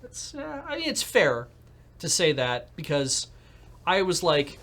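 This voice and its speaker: A man's voice: a little high, wildly swooping pitch, a little slow, fairly bright tone. A man streaming a video game who reads the story text aloud and chats casually, thinking aloud as he plays. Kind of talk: let's-play commentary and reading game text aloud.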